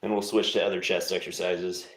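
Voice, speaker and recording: A man's voice: deep voice, level tone, a little fast. A young man hosting a live stream, chatting casually between workout sets and teasing his viewers in a laid-back, motivational way. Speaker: livestream host.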